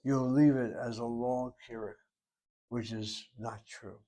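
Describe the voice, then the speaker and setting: A man with a middle-pitched, mellow voice teaches Hebrew grammar at an unhurried, steady pace. Like a teacher at a whiteboard, he methodically reasons aloud through every syllable and spelling step by step.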